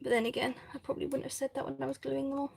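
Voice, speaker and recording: A woman's voice: sits high, level tone, very fast, creaky, a little mellow. A woman hosting a live crafting stream, chatting casually, reading viewer comments and laughing often. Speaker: craft channel host.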